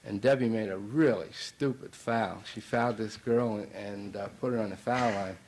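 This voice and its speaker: A middle-aged basketball coach tells a long anecdote during an after-dinner banquet speech, full of fillers and restarts. His voice is fairly low and darkish at a moderate pace, captured in a low-quality recording.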